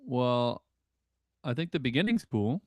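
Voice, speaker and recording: A man chatting casually over an online voice call as a musician giving feedback, talking in a halting way with many fillers. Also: mid-range voice, animated, a little mellow, dry recording. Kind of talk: casual chat.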